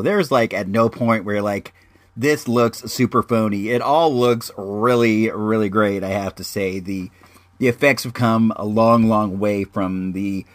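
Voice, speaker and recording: A man hosting a podcast in casual chat, halting and often repeating his words as he rambles. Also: on the low side, no echo. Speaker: podcast host.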